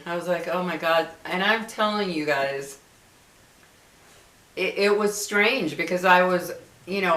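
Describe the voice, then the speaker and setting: A woman's voice: on the low side, a bit bright. A woman in her fifties, talking casually to her viewers and telling a story in a chatty, emotional way, with many fillers and restarts. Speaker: vlogger. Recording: echoey room.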